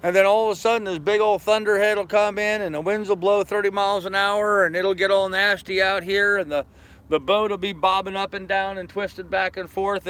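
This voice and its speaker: A high, fairly bright voice belongs to a tired sailing vlogger in his fifties who yawns while chatting on a live stream from his anchored boat. He rambles easily and responds to comments from viewers.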